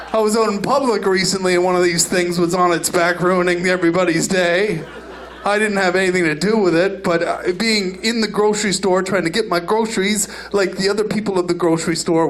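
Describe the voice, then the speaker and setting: A man doing stand-up on a comedy club stage, delivering outrageous lines in a brash, deadpan way. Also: high-pitched. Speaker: stand-up comedian and channel host.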